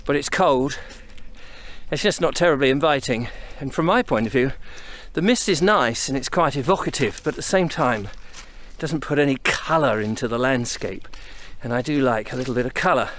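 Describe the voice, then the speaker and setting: A man from England chatting to his camera on a cold walk along misty country footpaths outdoors. He is a little out of breath from walking and rambles easily from thought to thought in a mid-pitched voice. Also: normal speed, a bit bright, a little hiss or hum. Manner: chatty, rambling, thinks aloud while walking. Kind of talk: casual walking commentary to camera. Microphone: camera on a tripod, set up and carried along.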